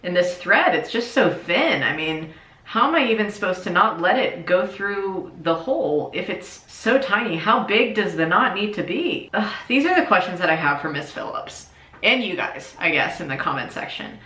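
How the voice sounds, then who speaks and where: A young woman vlogs in a loose, self-mocking ramble, a little tipsy as she fumbles with her sewing. Her voice is bright and sits a bit low. The room around her rings with echo. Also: very animated, normal speed. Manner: chatty, self-mocking, slips into silly voices. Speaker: YouTuber. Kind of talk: casual comedic vlog while sewing and drinking.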